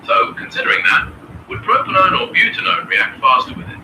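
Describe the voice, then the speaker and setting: A man's voice: sits high, sing-song, a little fast, pushed and bright, roomy sound, recorded from a distance, a little hiss or hum, rough recording. A computer voice of a man acting as a chemistry tutor, polite and formal as he quizzes a student.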